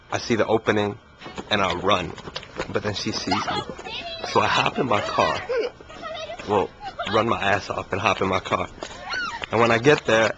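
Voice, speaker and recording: A young man telling a story in a casual interview, laid-back and dryly humorous. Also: on the low side. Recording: muffled recording with faint hiss.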